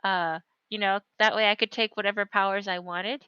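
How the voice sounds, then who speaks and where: A woman's voice: medium pitch, fairly even intonation, brisk, sharp tone, clean tone, no echo, muffled recording. A woman in casual chat on a live stream, giggly and rambling as she searches for words.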